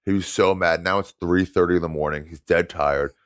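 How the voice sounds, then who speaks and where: A man telling a story in casual chat, animated and laughing often as he talks. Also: low-pitched, a little fast, clear, resonant tone, no room sound, clean studio sound. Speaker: guest comedian.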